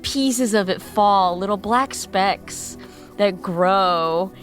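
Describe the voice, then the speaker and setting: A woman's voice: mid-range voice, very slow, faint music behind. A woman playing a tabletop game, playfully describing her character's actions. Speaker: player.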